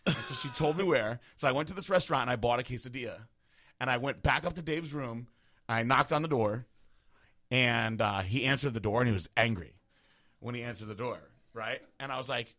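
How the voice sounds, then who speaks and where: A young man tells a long story on a podcast in a rapid, tumbling way. His voice is bright and forceful. He swears freely and slips into the voices of the people he quotes, then drops back into casual chat. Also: mid-range voice, lively intonation. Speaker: podcast host.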